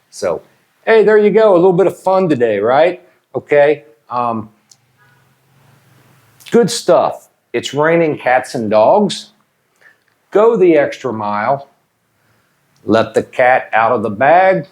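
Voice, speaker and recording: A man from Ohio, teaching English slang in a whiteboard lesson. He explains at an unhurried, deliberate pace and often stops to check in with his learners. His voice sits at an ordinary pitch for a man. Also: big pitch swings, a little mellow. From Ohio, USA. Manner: slow, deliberate, checks in with "okay?".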